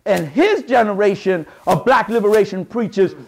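A man giving an impassioned lecture to a live audience, speaking in a folksy, colloquial way and rising to shouted emphasis like a preacher. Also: sits high, lively intonation, normal speed, creaky. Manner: folksy, colloquial, with double negatives.

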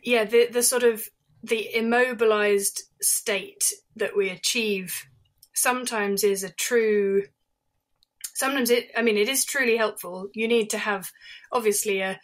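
Thoughtful woman vet explaining. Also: mid-range voice. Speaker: veterinary surgeon guest. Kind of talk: interview conversation.

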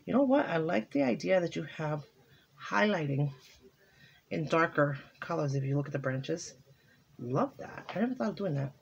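A woman's voice: deep voice, lively intonation, normal speed, gravelly, breathy edge, muffled recording. A woman vlogging casually at home as she opens holiday cards and crafting mail, chatty and exclaiming over each one. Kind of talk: casual chat while opening mail.

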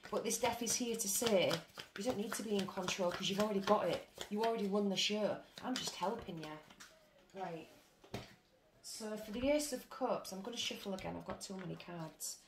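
A woman's voice: mid-range voice, normal speed. A British woman doing a casual tarot reading, blunt, chatty and full of swearing. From Britain. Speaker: tarot reader. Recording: roomy with faint noise.

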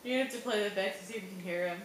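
A woman's voice: mid-range voice, racing, roomy sound, slight background noise, poor audio. A woman teasing and bantering with her family, swearing and laughing as she talks. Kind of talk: casual family chat.

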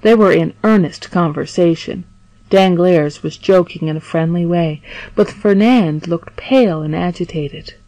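Earnest young prisoner, woman reading: eager, lowish, dry close sound. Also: a little slow, warm tone, no room sound, rough recording. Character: young male sailor, wronged and earnest prisoner.

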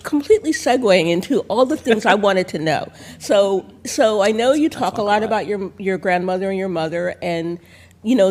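Woman calmly asking onstage questions. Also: mid-range voice. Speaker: interviewer. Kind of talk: onstage conversation. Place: stage under lights before an audience.

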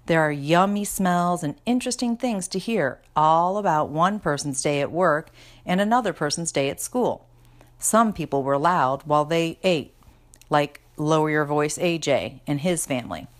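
Low-voiced woman reading a storybook aloud. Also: lively intonation, moderate pace. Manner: chatty first-person narration. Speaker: reader. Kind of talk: storybook read-aloud narration.

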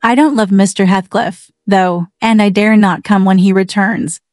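A woman voicing an impulsive, warm-hearted teenage girl who speaks earnestly and flares up quickly, read over faint music. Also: medium pitch, fairly even intonation, no echo, studio quality, lightly acted.

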